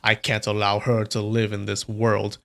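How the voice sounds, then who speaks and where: A man voicing a ruthless old male demonic sect leader, reading him loud, boastful and threatening. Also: fairly low pitch, completely flat delivery, moderate pace, creaky. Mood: menacing.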